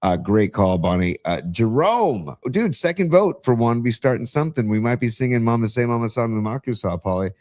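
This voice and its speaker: A man's voice: mid-range voice, a little fast, hardly any pauses, no room sound, clean studio sound. A man co-hosting a sports talk podcast, chatting casually and reading out listener messages. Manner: relaxed, reads listener messages aloud. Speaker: podcast co-host.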